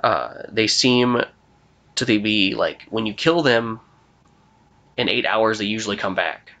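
Young man, game master, podcast host, casual, rambling, low-ish voice. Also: slow. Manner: rambling, filler-heavy, relaxed. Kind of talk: narrating a tabletop game.

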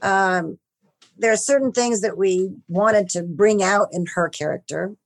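A woman, a film makeup artist, telling stories in an interview, growing animated when excited. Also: medium pitch, measured pace. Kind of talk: interview, casual storytelling.

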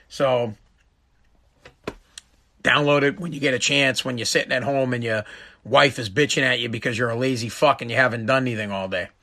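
A man's voice: medium pitch, sharp tone. A man hosting his own podcast, delivering a profane, exasperated rant in a casual monologue streamed live from home. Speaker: podcast host.

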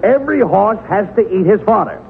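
A man playing the straight man in a 1940s radio comedy double act, with a brisk, exasperated, scolding delivery. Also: high voice, animated, gravelly. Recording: tinny noisy old radio broadcast.

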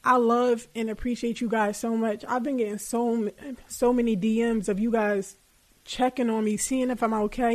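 A woman's voice: on the high side, flat delivery, moderate pace. A young woman hosting a podcast, giving casual, candid advice with plenty of swearing and colloquial speech. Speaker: podcast host.

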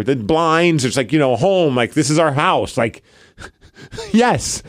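The speaker is a middle-aged podcast co-host with a fairly high pitch and a measured pace. Chatting casually, he narrates a story with animation, doing impressions of the people involved.

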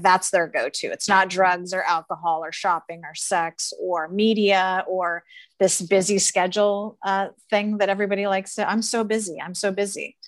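A woman's voice: medium pitch, no room sound. A woman talking earnestly and emphatically in a casual conversation, laughing often as she coaches.

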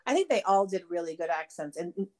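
Animated rambling woman from Boston. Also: fairly low pitch, fast, crowd noise. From Boston area. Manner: rambling, lots of fillers and hesitations. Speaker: podcast co-host. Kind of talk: casual movie review chat.

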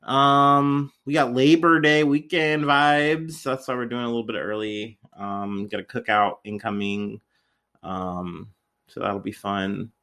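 A man's voice: mid-range voice, steady tone, a little slow, pushed and bright, clear, resonant tone. A man in his twenties hosting a podcast in casual, slangy chat, rambling through tangents and laughing often. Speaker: podcast co-host.

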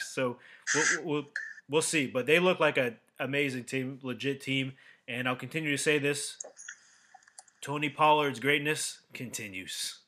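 Man hosting a casual sports podcast. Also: on the high side. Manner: relaxed, rambling analysis with many restarts. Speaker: podcast host.

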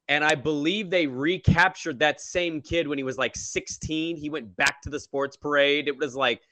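Bright-voiced joking man. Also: on the high side, no echo. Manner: joking, teasing, energetic. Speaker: podcast co-host. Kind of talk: casual sports podcast chat.

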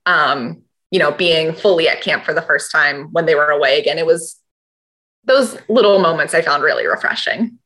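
A woman sports reporter co-hosting a casual sports talk show, thoughtful and relaxed, with many fillers. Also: low-pitched, normal speed.

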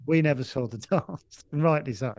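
A man's voice: on the high side, moderate pace, no room sound. A man, a comedian guest on a podcast, telling a long stop-start anecdote with plenty of swearing and restarts.

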